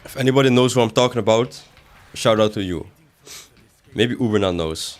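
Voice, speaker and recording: Brisk and lowish-voiced, a young man chats casually while streaming a video game live. He reads the chat, throws jokes back, and his voice jumps up in protest.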